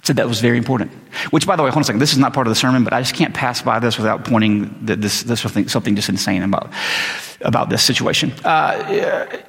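A man's voice: fast, gravelly. A man preaching a sermon in a loose, conversational way, full of fillers and rhetorical questions. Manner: conversational, many fillers, rises in pitch when excited. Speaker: pastor. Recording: reverberant hall.

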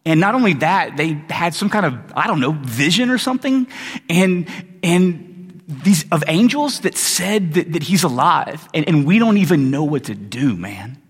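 A man's voice: fairly high pitch, very animated, normal speed, husky. A man preaching a sermon as a pastor, retelling the story in a loose, joking way with casual asides. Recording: long hall reverb.

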